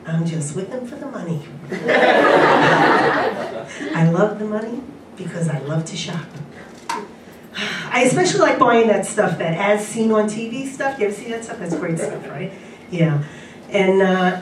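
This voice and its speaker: A middle-aged woman performs a stand-up set with slow, drawn-out timing and a lively, swooping pitch. She is recorded from far off in an echoey space, with loud crowd ambience behind her. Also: slight background noise. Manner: punchy, drawn-out delivery with laughs. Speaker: stand-up comedian. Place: convention stage. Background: audience laughter.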